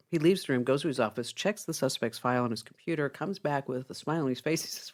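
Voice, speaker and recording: A woman's voice: low voice, fast talker, hardly any pauses. A woman hosting a casual tech podcast, laughing easily and telling a long joke. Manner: animated, laughs easily, tells jokes. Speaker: podcast host.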